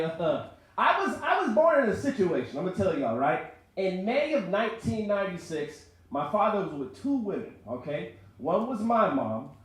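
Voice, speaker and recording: Young man doing stand-up in an echoey room. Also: on the high side. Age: 20s. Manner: conversational, asks the crowd to follow along. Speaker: stand-up comedian. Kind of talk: stand-up comedy set. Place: record store performance space.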